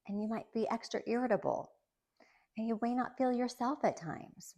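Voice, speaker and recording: A woman of about fifty, with a mid-range, lively and fairly quick voice, chats casually as a vlogger. She shares personal experiences and tips with listeners, laughing lightly between points.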